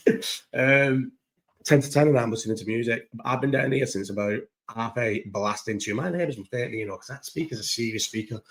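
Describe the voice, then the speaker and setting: A man's voice: mid-range voice, brisk, noisy background. A young man talking loosely at home in a casual vlog, swearing often and restarting his sentences. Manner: swears casually, many restarts and trailing thoughts. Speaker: vlogger. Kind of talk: casual rambling vlog chat. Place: at home, indoors. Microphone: own recording setup, maybe not through the microphone.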